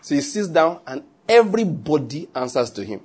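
Husky-voiced Nigerian pastor preaching. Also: male voice, a little high, sing-song, normal speed, darkish tone. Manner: joking, conversational preaching with pidgin asides. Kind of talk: sermon.

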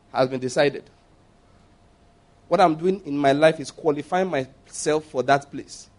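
Nigerian pastor preaching, chatty and lively. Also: male voice, a little high. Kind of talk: sermon at a Bible study.

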